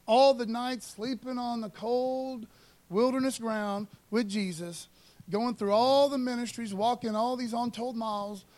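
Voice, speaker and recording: A man preaching with fervor, his voice sitting noticeably high. He keeps the tone casual and punchy, tossing in "man" and calls for an amen between lines. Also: a little mellow. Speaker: pastor. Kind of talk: sermon.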